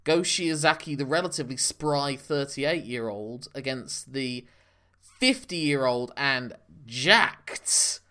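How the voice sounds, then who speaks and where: A man's voice: medium pitch, lively intonation, slow pace, bright, forceful tone. Knowledgeable man hosting a podcast. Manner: knowledgeable, long explanatory runs. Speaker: podcast co-host. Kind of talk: casual wrestling podcast chat.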